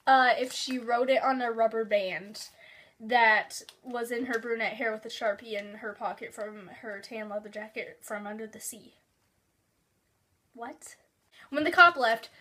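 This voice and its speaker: A woman's voice: on the high side, fairly bright tone. A young woman vlogger reading her childhood story aloud, giggling and breaking into sudden exaggerated outbursts.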